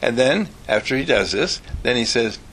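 A man teaching an audience through a slow, deliberate story with long pauses. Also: mid-range voice, expressive, fairly bright tone, slight background noise, rough recording. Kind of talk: storytelling talk to a live audience.

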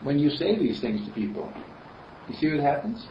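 A man voicing a kindly talking candle that gently coaxes a child in a storybook tale. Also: fairly high pitch, sing-song, normal speed, a little hiss or hum. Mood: coaxing. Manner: gently coaxing. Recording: distant roomy dull recording.

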